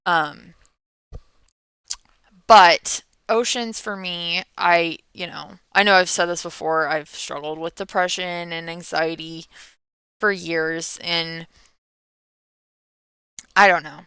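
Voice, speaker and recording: A woman's voice: on the low side, steady tone, slow, long pauses, pushed and bright, clean tone, no echo. A tired millennial woman in her thirties, rambling through a casual Q&A vlog, often trailing off and yawning. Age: 30s. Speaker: meme creator.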